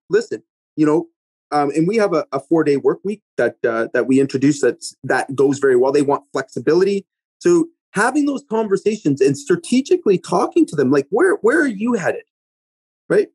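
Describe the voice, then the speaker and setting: Husky man giving business advice. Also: on the high side, animated, brisk, a little mellow, no echo. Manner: emphatic, coaching tone with frequent "right?" checks. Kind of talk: casual podcast conversation.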